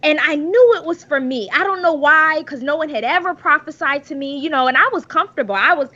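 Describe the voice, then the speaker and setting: A woman's voice: high voice, brisk, pushed and bright, highs cut off. A woman guest on a podcast, telling her life story as an earnest, preacherly testimony.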